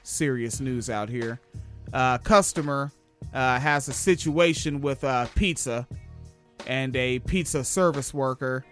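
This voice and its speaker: A man's voice: mid-range voice, a little slow, a bit bright, soft background music. A man hosting a casual news podcast, sarcastic and profane as he reacts to clips. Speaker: podcast host.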